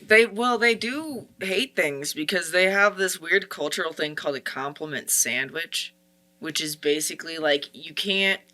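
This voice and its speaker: A woman's voice: lowish voice, unhurried, bright, forceful tone. A woman co-hosting a casual podcast, giving opinionated explanations with many filler words. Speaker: podcast co-host.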